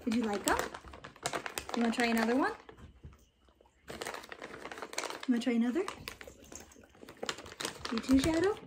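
A woman unboxing dog toys and treats at home in a casual vlog, gently coaxing her dogs between descriptions of each item. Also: fairly high pitch, lively intonation, measured pace, pauses often. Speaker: dog owner reviewing a subscription box. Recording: noisy home recording.

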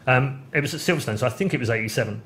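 A man in casual podcast chat, telling stories with lively swings of pitch when he gets excited. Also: rapid-fire. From United Kingdom. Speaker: podcast host.

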